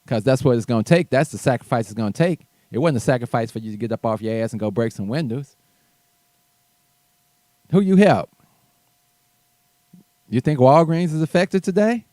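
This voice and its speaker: A man's voice: mid-range voice, dark tone, dry recording. A man hosting his own show, ranting bluntly and profanely in a heated commentary monologue with mocking asides. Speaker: show host.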